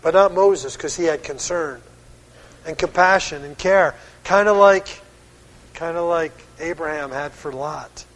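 A man with a high voice preaches a sermon. He reads old-style scripture slowly, then plays the people in it in his own voice, chuckling now and then. His voice rings out in a hall with a long reverb. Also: fairly bright tone.

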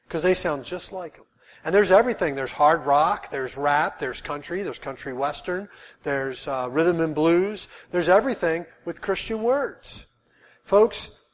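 Emphatic high-voiced male preacher. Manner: emphatic, repeating key phrases. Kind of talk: sermon.

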